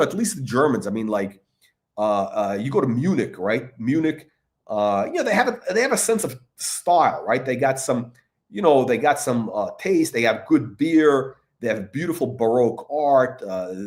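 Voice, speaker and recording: A man's voice: mid-range voice, very animated, normal speed, darkish tone. A man talking in a rambling, profane monologue, with many fillers, restarts and laughs between remarks. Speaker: watch commentator.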